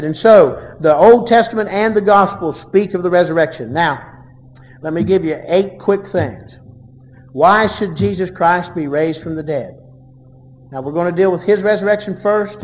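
A man preaching a sermon, reading verses aloud and swinging between loud and hushed delivery. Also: a little high, big-room sound.

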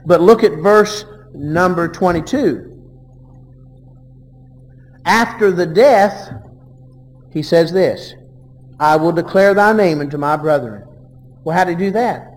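A man delivers a sermon in a high-pitched voice. He reads verses aloud, then swings between loud declarations and hushed asides. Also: slow pace, pauses often, in a large hall. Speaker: preacher.

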